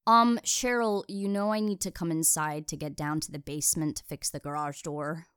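A friendly young handyman, as a woman narrator puts him on, calls out in an easy, cheerful way. The voice sits a little higher than her low narrating tone, and the storybook reading is dry and close. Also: steady tone, normal speed, smooth, no echo. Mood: amused. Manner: cheerful, calling out loudly.

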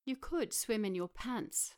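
A languid, aloof Englishwoman, as a woman reading aloud voices her. She murmurs softly and sounds detached. It is an audiobook reading. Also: a little high, lively intonation, unhurried.

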